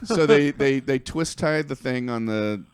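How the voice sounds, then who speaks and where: Comedian guest, male, animated storyteller who acts out the quotes, mid-pitched, dry close sound. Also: measured pace, smooth, dry recording. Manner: animated storyteller, acts out other people's lines. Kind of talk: storytelling on a podcast.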